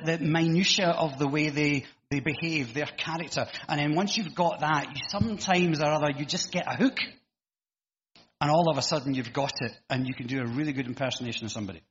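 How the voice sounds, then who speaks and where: Here a middle-aged preacher talks his way through a relaxed church sermon, poking fun at himself and often restarting with an "um." The tone is fairly bright, the pitch a little high, and the hall's echo leaves the recording somewhat dull.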